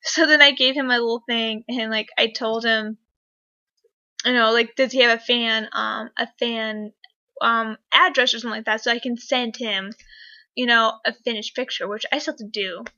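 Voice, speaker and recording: A young woman chats to her camera in a rambling, excitable way, leaning on fillers as she tells a story. Her voice is bright and a little high. The recording sounds dull and lo-fi. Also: moderate pace. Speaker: vlogger. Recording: dull lo-fi webcam audio.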